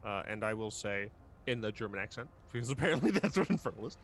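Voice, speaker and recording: A man playing a tabletop game, talking in a hesitant, halting way. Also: lowish voice, expressive, fairly bright tone, slight background noise. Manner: hesitant, halting, filler-heavy. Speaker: player. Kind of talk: casual tabletop game chat.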